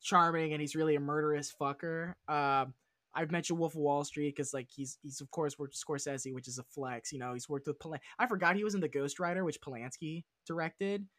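A man with a somewhat high voice chats as a guest on a film podcast, his sound close and dry with no room around it. He rambles off on tangents, swears freely and gushes with enthusiasm. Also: fairly even intonation, a little fast, fairly bright tone, no room sound. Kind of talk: casual podcast chat about film.

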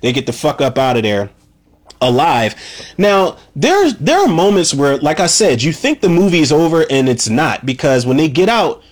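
A man's voice: on the high side, very animated, moderate pace. A man casually recapping a movie scene by scene, rambling and swearing freely, with lots of "you know" and "man". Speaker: movie reviewer.

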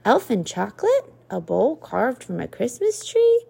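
A woman reading aloud and voicing a calm, practical mother in a story. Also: fairly high pitch, a little slow, gravelly, husky, full character voice. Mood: reassuring.

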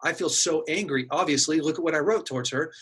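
A man's voice: a little high, fast, a bit bright, breathy edge. A middle-aged man earnestly telling a personal story in casual conversation, acting out his own inner dialogue. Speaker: guest sharing a personal story.

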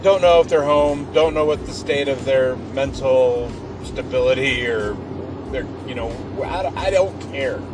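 A man's voice: medium pitch, a little slow, recorded from a distance, over music, poor audio. A middle-aged man hosting a podcast, telling a personal story and reflecting on faith in an earnest, emphatic way. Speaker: podcast host.

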